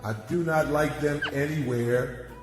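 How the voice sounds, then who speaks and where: A man voicing a grown football player who reads a children's book aloud in a slow, halting way. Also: a little high, steady tone, natural voice. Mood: plodding. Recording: echoey hall over loud music.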